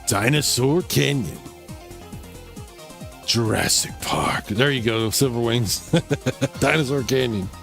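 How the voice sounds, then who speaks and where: A man's voice: medium pitch, slow pace, creaky, pauses often, fairly bright tone, faint music behind. A man hosting a casual live gaming stream, chatting and reacting to viewer comments while he plays. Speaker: livestream host.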